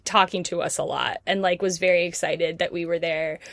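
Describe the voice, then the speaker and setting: A woman's voice: fairly low pitch, steady tone, fairly quick, dry recording. A young adult woman from the United States who hosts a podcast, asking questions and telling stories loosely with frequent laughter. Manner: laughs often, friendly, loose storytelling. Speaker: podcast host. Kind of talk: casual interview chat.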